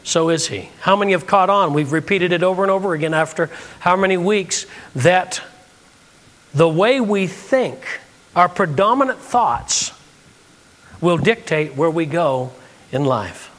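A man's voice: high voice, animated, measured pace, fairly bright tone, big-room sound. A man preaching a sermon from the United States, telling a story and acting out the dialogue.

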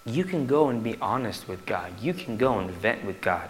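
A male pastor preaching a sermon to his church in an animated way, swinging from loud to hushed. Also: fairly low pitch, moderate pace, few pauses, a little hiss or hum.

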